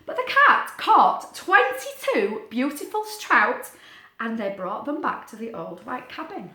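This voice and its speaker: A woman reads a picture book aloud for small children, her pitch leaping and swooping as she chats playfully with a puppet between pages. Her voice sits a little on the high side, and the recording has an echoey, roomy sound. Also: unhurried. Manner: animated, playful, sing-song, talks to the puppet. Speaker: teacher reading to young children. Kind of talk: storytime read-aloud with a puppet.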